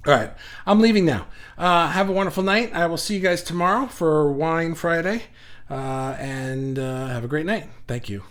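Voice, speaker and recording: A middle-aged man with a slightly higher voice hosts a casual live stream at his computer. He talks in bursts of energy, stumbles and restarts, and reacts warmly to viewer comments. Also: normal speed. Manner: energetic, animated, repeats himself with restarts. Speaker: livestream host.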